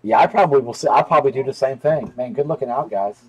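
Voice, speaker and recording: A man's voice: medium pitch, fast, darkish tone, husky, low-quality recording. A man hosting a live sports card break, rambling and chatty, talking straight to viewers and cursing freely. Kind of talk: casual live-stream chat.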